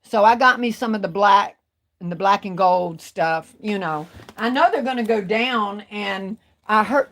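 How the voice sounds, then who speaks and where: A woman's voice: medium pitch, fairly bright tone. A woman, chatting casually with viewers on a craft livestream and drawing out her words. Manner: chatty, drawn-out, talks to viewers. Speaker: craft vlogger.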